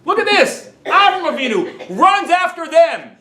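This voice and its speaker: A man, a rabbi, teaching a lively class and telling stories, dropping in Yiddish and Hebrew words. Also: very high-pitched, a little slow. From United States. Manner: animated storyteller, sprinkles Yiddish and Hebrew words, self-amused. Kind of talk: lively Torah class lecture. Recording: roomy echo.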